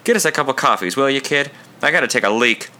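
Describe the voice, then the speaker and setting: A man doing a gruff forty-year-old trucker. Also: medium pitch, quick pace, natural voice. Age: 40s. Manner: growling, curt, flat monotone.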